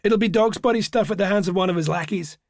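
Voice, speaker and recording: A man's voice: high-pitched, fast, no echo, clean studio sound. A man voicing a wiry, good-humoured Glaswegian builder who swears bluntly, reading from an audiobook story. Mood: cheery.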